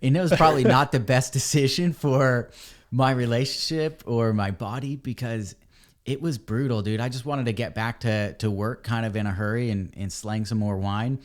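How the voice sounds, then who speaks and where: A man, a podcast guest, telling a story in a casual, animated way and calling people dude and man. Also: medium pitch, normal speed. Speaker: podcast guest, ebike company cofounder.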